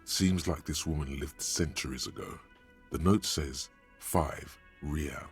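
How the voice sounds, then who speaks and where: A man voicing a deep gravelly game narrator who talks slowly and measuredly to the player. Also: faint music behind. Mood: ominous. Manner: slow, measured, second-person narration.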